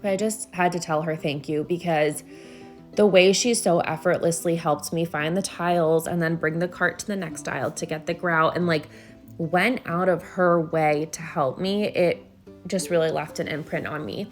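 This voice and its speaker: A woman's voice: lowish voice, fairly even intonation, moderate pace, faint music behind. A woman recording a casual voiceover at home, talking earnestly and rambling with frequent restarts. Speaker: vlogger.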